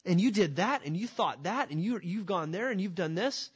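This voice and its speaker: A man's voice: high voice, expressive, moderate pace, husky, dull audio, full character voice. A man voicing a male devil who mocks and accuses a believer, in a sermon. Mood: mocking. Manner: mocking, accusing.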